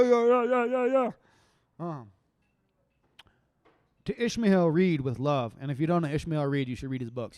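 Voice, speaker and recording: A man performing his own poetry on a live stream, chanting lines slowly and swinging from loud declaiming to quiet, rambling asides. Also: a little high, clear, resonant tone, no room sound, studio quality. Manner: rambling and laid-back between poems.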